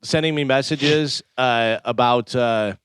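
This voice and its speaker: A man co-hosting a radio show, telling animated stories and acting out the exchanges during casual studio banter. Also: mid-range voice, takes it slowly, a little hiss or hum. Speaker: radio co-host.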